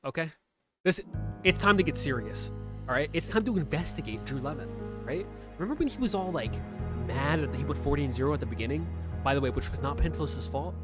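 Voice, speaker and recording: A man's voice: medium pitch, dry recording. A man giving ranting gaming commentary in a profane, incredulous, rambling way. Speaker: video commentator.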